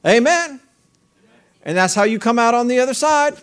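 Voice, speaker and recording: Male pastor, high-pitched, conversational sermon with call-and-response. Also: animated, moderate pace, fairly bright tone, clean tone. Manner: conversational preaching with rhetorical questions and call-and-response.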